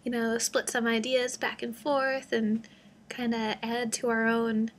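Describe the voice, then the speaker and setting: A woman's voice: a little high, little pitch movement, measured pace, slight background noise. A young woman talking casually to her camera in a rambling, self-deprecating way, full of fillers. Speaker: vlogger. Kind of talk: casual vlog monologue.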